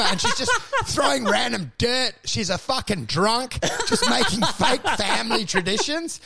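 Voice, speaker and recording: High, gravelly man riffing. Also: expressive, normal speed, few pauses, bright, forceful tone, slight background noise. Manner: profane, rambling, acts out bits in quoted voices. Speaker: comedy podcast co-host. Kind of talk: casual comedic riffing.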